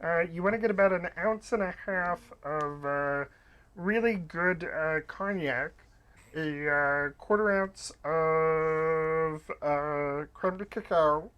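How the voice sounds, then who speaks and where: A woman explaining a cocktail recipe, halting and hesitant. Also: low-pitched, clear, resonant tone, dull audio.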